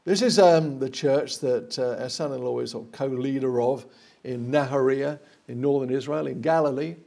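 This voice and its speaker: A man's voice: medium pitch, gravelly, mellow. An older man preaching a sermon, earnest and digressive, with many fillers and restarts.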